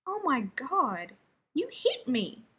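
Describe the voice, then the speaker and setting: A woman reading the part of a fussy, indignant male scientist who splutters and exclaims, in a husky voice. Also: high voice, lively intonation, normal speed, a bit bright, muffled recording, full character voice. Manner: spluttering, exasperated, theatrical.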